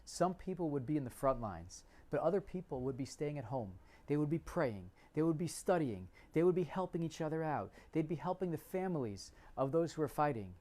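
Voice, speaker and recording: A man's voice: a little high, mellow. A man from New Jersey, earnestly explaining a scripture passage as a lesson. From New Jersey, United States. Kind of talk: religious teaching.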